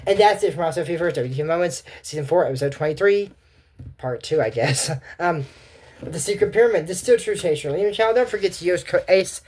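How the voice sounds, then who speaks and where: A man's voice: a little high, expressive, fast, darkish tone. A man hosting a video and giving a casual recap of a cartoon episode, rambling with many restarts and asides. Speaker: video host.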